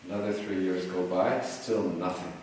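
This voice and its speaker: A man giving a dharma talk, telling a teaching story in a relaxed way with many "you know"s and "like"s, recorded in a retreat hall. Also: sits low, moderate pace, slight background noise. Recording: echoey hall, mic at a distance, faint ambience.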